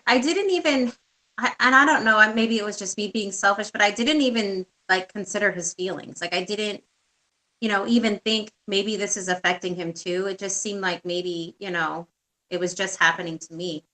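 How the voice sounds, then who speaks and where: A woman guest speaking reflectively and haltingly in a personal conversation, with frequent pauses. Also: medium pitch, sharp tone, poor audio.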